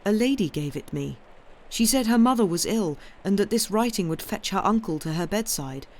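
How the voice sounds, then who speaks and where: A woman's voice: mid-range voice, lively intonation, moderate pace, darkish tone, voice pushed up, close to an everyday voice. A woman reading the lines of an earnest, tender young shepherd poet in a storybook reading.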